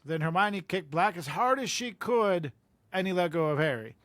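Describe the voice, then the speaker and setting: A man co-hosting a casual podcast, recapping a book chapter in a brisk, matter-of-fact way. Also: high voice, expressive, a bit bright, no echo. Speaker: podcast co-host. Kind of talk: casual chat and reading aloud.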